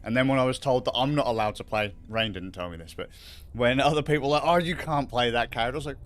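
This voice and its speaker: A man's voice: medium pitch, fast. A man hosting a livestream in casual, rambling chat, swearing freely and laughing often. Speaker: livestream host.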